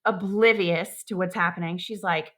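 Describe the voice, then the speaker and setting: A woman in her thirties, a podcast guest, retelling a personal story in a lively way, acting out sounds and quotes. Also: lowish voice, normal speed. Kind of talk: emotional storytelling.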